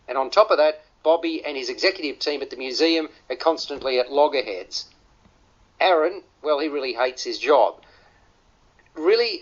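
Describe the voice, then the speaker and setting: Stammering radio film host. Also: male voice, medium pitch, fairly bright tone. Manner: stammering restarts, repeated words. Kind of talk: radio film review panel chat. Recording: dull lo-fi radio audio.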